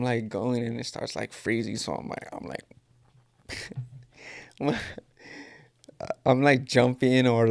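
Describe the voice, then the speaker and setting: A man's voice: mid-range voice, vocal fry, no room sound, studio quality. A man in his thirties with a California Mexican-American Spanglish accent, hosting a podcast in rambling, joking casual chat. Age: 30s. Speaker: podcast host. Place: at home. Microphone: camera.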